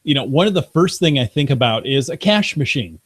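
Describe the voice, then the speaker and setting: Joking mid-pitched podcast man. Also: fairly quick, husky, dry recording. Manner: relaxed, joking, leads the topic. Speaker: podcast co-host. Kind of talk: casual podcast chat.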